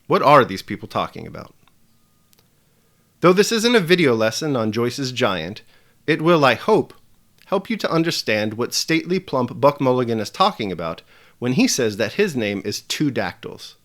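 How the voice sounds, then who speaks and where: Guy teaching a lesson, voice rises and falls a lot, measured and emphatic. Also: mid-range voice, sing-song, fairly bright tone. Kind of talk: scripted video lesson.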